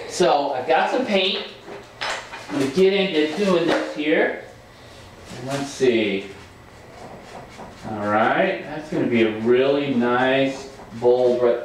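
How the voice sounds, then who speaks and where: A man's voice: fairly high pitch, takes it slowly, a little hiss or hum. Man, Sunday school teacher, playful storytelling for children, very echoey church room, distant mic. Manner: animated storytelling to kids. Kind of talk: children's Bible lesson.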